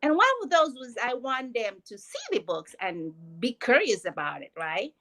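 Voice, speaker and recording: A woman. Her voice sits fairly high. She tells her story earnestly and emotionally, as a mother talking about work and family. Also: expressive, moderate pace, a bit bright, poor audio. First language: Spanish. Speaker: guest. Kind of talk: personal testimony.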